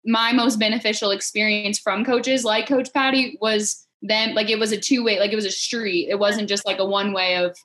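A woman and former player chatting casually, telling stories with lively acted-out quotes and lots of fillers. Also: medium pitch, moderate pace, hardly any pauses. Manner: animated storyteller, acts out quotes, many fillers. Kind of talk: casual podcast chat.

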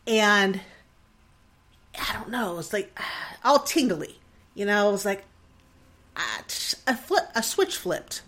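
A woman's voice: medium pitch, animated, takes it slowly, pauses often, a bit bright. Earnest woman in her forties, rambling. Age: 40s. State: emotional. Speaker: podcast host. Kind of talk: casual reflective monologue.

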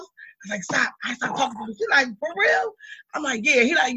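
A woman in her thirties co-hosting a podcast, telling a story in blunt, lively chat with lots of swearing. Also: high-pitched, fairly quick, poor audio. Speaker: podcast co-host. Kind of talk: casual chat.

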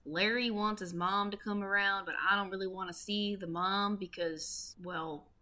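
A woman's voice: mid-range voice, fairly even intonation, normal speed, bright, forceful tone, natural voice. A woman voicing Bob, a man in couples therapy, with a put-on accent and a sheepish, complaining manner.

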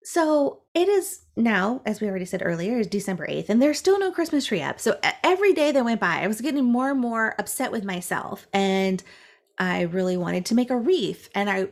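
Gravelly-voiced woman podcaster rambling through a story, lots of likes. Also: medium pitch, fairly quick. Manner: chatty, animated, frequent "like" fillers. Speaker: podcast co-host. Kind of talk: casual storytelling chat.

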